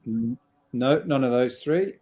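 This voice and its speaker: Male quizmaster, dark-toned, jokey, casual live chat. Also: mid-range voice, measured pace. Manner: jokey, puts on silly voices.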